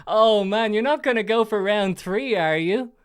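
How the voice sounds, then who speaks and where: A man hosts a casual call-in show, his voice sitting notably high. He hands out teasing, mock-serious advice in a relaxed, chatty way. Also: moderate pace, clean tone, dry recording, studio quality. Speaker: host.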